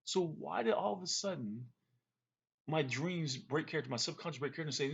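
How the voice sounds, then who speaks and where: A man's voice: a little high, lively intonation, a little fast, creaky, slightly rough. A man telling a long, rambling story to camera in a casual way, with fillers and restarts. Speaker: vlogger recounting a dream.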